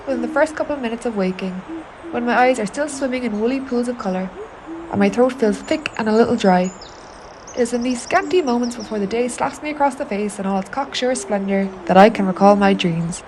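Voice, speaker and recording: A woman's voice: a little high, noisy background. A woman with an Irish accent narrating a confiding spoken-word monologue, intimate, wry and sweary. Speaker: narrator of an autofictional audio artwork.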